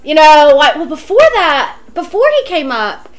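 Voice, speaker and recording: A young woman, co-hosting a podcast and telling stories in an excitable, giggly way. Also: high voice, moderate pace, rough recording. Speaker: podcast co-host. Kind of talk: casual chat.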